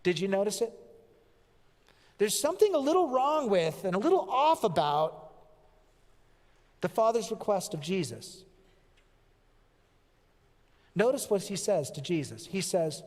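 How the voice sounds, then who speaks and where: A man preaching a sermon as pastor, earnest and emphatic, slowing down to stress key phrases and repeating them. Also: high voice, lively intonation, a little mellow. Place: church sanctuary. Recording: long church-hall reverb.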